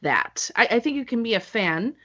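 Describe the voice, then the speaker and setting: A woman co-hosting a casual podcast chat, an animated storyteller who acts out the voices she quotes. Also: on the high side, moderate pace. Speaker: podcast co-host. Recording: slightly dull lo-fi audio.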